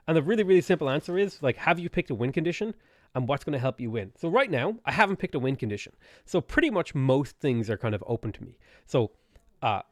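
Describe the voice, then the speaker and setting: A man's voice: medium pitch, no echo, clean studio sound. Chatty man streaming a strategy game. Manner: chatty, playful, reading and answering chat. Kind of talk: live game stream commentary.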